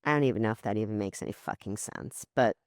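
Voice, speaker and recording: Woman podcaster, low smooth voice, dry sound, chatty and a bit sweary. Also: fast talker, no echo. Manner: animated storytelling, swears casually. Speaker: podcast co-host. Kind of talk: casual chat.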